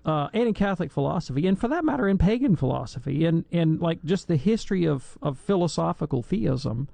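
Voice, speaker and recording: Chatty southern-raised radio guest, raspy edge, bit higher voice, joking around a lot. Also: male voice, sing-song, brisk, dark tone, no echo. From Alabama, US. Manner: chatty, jokey digressions. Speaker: guest theologian on call-in radio show. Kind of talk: casual radio Q&A.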